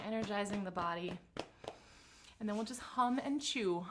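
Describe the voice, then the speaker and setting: Relaxed woman leading a vocal warm-up. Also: mid-range voice, normal speed, noisy background. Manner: relaxed and encouraging, greeting chat viewers by name. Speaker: singing teacher.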